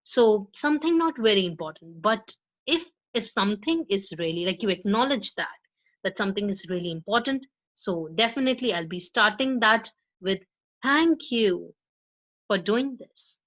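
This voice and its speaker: A woman's voice: mid-range voice, lively intonation, moderate pace, a bit bright, muffled recording. A woman teaching a lesson on pronunciation to students, explaining step by step and often checking in with "right?". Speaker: spoken English teacher. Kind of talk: lecture to students.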